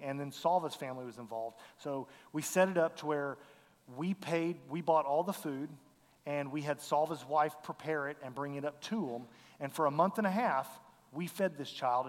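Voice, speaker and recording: A man's voice: on the high side, in a large hall. A man, earnestly telling a mission story to a congregation, acting out the dialogue. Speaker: missionary speaker.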